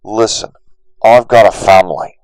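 A man voicing a scheming man talking over a radio, urgent and pleading, in a loud, forceful voice. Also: lowish voice, normal speed, clean tone, dry recording, close to an everyday voice, poor audio.

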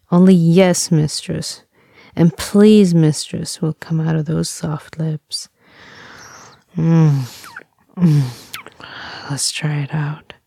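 A young woman acting as a possessive, domineering captor in a whispered role-play, with slow teasing talk, soft laughs and hums. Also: low voice, vocal fry, breathy edge, no room sound, studio quality, exaggerated voice.

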